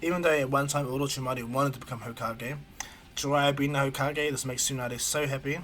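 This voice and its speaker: A man's voice: medium pitch, fairly even intonation, fairly quick, fairly bright tone, soft background music. A man casually retelling a fan story as a streamer, rambling with ums and restarts. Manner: rambling, hesitant, many ums.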